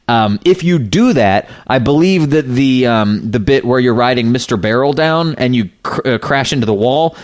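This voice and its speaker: Podcast co-host, man, mid-pitched, rambling, chatty, filler-heavy. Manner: rambling, many fillers and restarts, laughs often. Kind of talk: casual chat.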